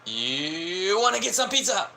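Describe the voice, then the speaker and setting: A man putting on a high, sing-song voice to parody a casual American guy. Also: sing-song, a little slow, vocal fry, sharp tone, slight background noise, full character voice. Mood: mocking.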